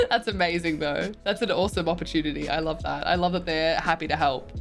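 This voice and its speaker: A woman's voice: low-pitched, steady tone, fast talker, gravelly, soft background music. A young woman streamer chatting casually as she reads and answers viewer messages, often giggling.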